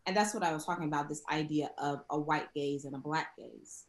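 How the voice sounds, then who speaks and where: A young woman with a fairly low voice talks as a guest in a roundtable conversation. She is lively and expressive, and her words ring with a roomy echo. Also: brisk. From American South. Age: young adult. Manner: expressive, animated. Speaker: showrunner guest.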